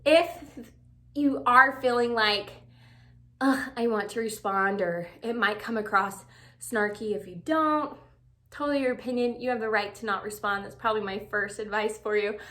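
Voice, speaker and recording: A woman's voice: fairly high pitch, a bit bright. A young woman vlogger giving breakup advice in a chatty, filler-heavy way, acting out quoted texts. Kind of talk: casual talk to camera.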